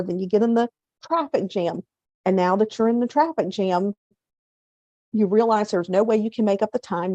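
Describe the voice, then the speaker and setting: Woman host, middle-aged, warm mellow tone, dry close mic; chatty motivational coach who voices inner self-talk. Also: mid-range voice, no room sound. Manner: conversational, acts out inner self-talk in quotes; slows down to stress key points. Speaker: hypnotherapist and coach, show host.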